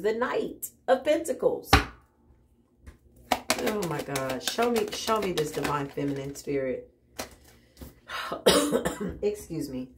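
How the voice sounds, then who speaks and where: A woman doing a casual spiritual tarot reading, animated and exclaiming often, with frequent laughs. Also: mid-range voice. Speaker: tarot reader.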